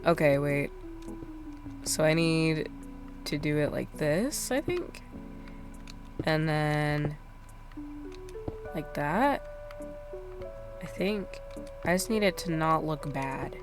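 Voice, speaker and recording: Over music, a low-voiced woman streamer talks slowly and animatedly about her gameplay, leaving long pauses. Her casual chat rambles, packed with fillers and self-deprecating remarks.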